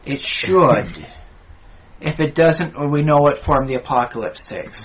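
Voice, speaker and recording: A man's voice: fairly high pitch, normal speed. Guy cohosting a podcast, rambles with lots of asides, kinda dull muffled sound. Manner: talkative, explains at length with asides. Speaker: podcast co-host. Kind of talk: casual chat. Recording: dull lo-fi podcast audio, faint hiss.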